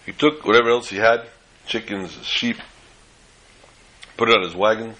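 A man telling a folk story in an animated way, slipping in Yiddish phrases. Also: lowish voice, normal speed, long pauses, poor audio.

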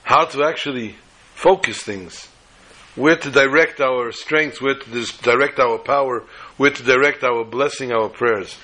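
Husky animated rabbi teaching. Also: male voice, medium pitch, unhurried. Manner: animated storyteller, acts out quoted voices, mixes Hebrew terms. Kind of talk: Torah class with storytelling.

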